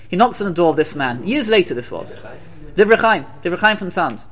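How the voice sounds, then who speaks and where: A man with a high-pitched voice delivers a storytelling sermon. He speaks with emphatic energy and keeps repeating key phrases for effect. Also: fairly quick. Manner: animated, repetitive, emphatic. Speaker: religious teacher.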